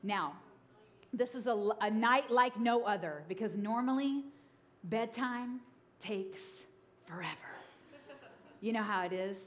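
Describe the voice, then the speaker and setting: A woman's voice: fairly high pitch, slow, long pauses. A woman in her thirties preaching a sermon, telling funny stories and acting out voices. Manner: lively, humorous, acts out voices. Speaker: pastor. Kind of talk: sermon with storytelling.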